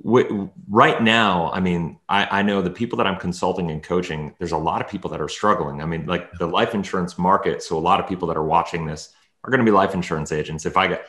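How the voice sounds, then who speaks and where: A man's voice: sits low, fairly even intonation, fast, a bit bright, echoey room. A man hosting a casual interview, talking in a rambling way with many restarts. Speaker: podcast host.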